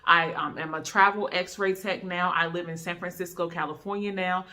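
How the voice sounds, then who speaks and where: A young woman from North Carolina with a Southern lilt chats to camera in a relaxed sit-down vlog. Her voice sits a little low but rings bright and clear. She talks in a friendly, easygoing way, calling her viewers y'all. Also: normal speed. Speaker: YouTuber, travel x-ray tech. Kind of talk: casual sit-down talk to camera.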